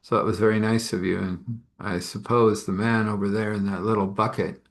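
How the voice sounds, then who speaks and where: A man voicing an ancient, reclusive, ceremonial woman who replies slowly and softly, in a storytelling reading. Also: fairly low pitch, little pitch movement, natural voice. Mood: calm.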